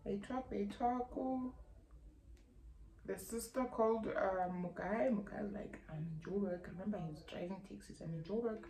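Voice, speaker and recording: A young South African woman with a South African accent, telling a personal story in a lively vlog and acting out her relatives' lines. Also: medium pitch. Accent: South African English. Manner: animated, acts out relatives' lines, slangy. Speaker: YouTuber. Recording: echoey room, faint background hum.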